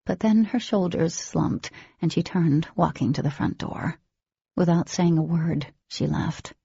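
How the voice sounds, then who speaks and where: Husky, gravelly woman narrating a novel. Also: lowish voice, unhurried, dark tone, no echo. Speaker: audiobook narrator. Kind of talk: first-person novel narration. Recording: dull lo-fi recording, dry.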